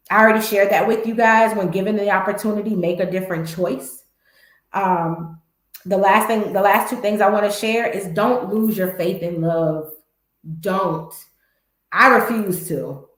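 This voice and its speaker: A woman hosts a motivational talk, speaking candidly and emphatically straight to her viewers in a slightly low voice. It sounds echoey, like a bare room.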